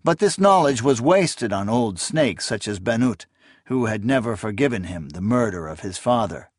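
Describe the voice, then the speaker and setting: A man narrating a fantasy novel in a steady, measured storytelling voice. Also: on the low side, no echo, clean studio sound. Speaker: audiobook narrator.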